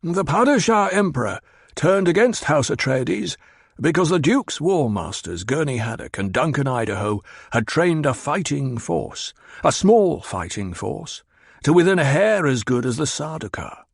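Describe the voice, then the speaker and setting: A man's voice: on the high side, sing-song, measured pace, creaky, breathy edge, no echo, clean studio sound, pitched above the performer's own voice, full character voice. A man voicing a shrewd, bitter old spymaster who speaks in a clipped, coldly insistent way.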